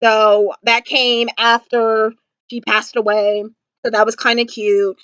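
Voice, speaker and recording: A woman's voice: on the high side, little pitch movement, slow, fairly bright tone, clear, resonant tone, no echo, muffled recording. A young woman vlogging a fan review of a TV episode, gushing and dramatic, full of "like" and fillers. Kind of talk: excited fan review chat. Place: indoors at home.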